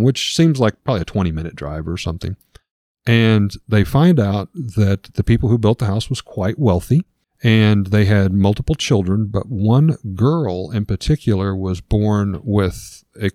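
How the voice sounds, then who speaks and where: A man's voice: lowish voice, animated, moderate pace, mellow, no echo, clean studio sound. A man casually retelling a ghost story as a podcast host, with lots of filler words.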